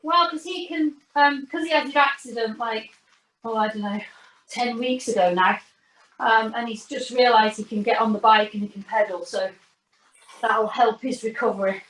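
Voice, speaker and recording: A woman's voice: fairly high pitch, moderate pace, a bit bright. A woman taking part in an online cycling class, chatting casually with some hesitant fillers over a video call. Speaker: class participant. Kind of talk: casual chat. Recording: roomy, distant video call audio.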